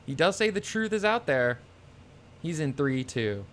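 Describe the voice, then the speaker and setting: A man's voice: fairly high pitch, lively intonation, moderate pace, a bit bright. A man giving casual, rambling commentary over a video game he is playing, sarcastic and swearing when annoyed. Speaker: let's play streamer. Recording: faint game music behind.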